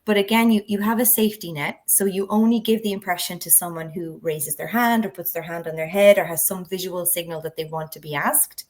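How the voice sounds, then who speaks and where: A woman's voice: on the low side, fairly quick, few pauses. Woman explaining a drama classroom game. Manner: instructive, walks through steps with examples. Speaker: drama education trainer. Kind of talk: explanatory conversation.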